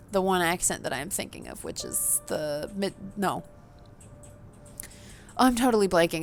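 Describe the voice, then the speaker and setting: A woman's voice: lowish voice, sharp tone. A woman playing a story game, reading its narration aloud with chatty asides and laughing at herself. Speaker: let's play gamer.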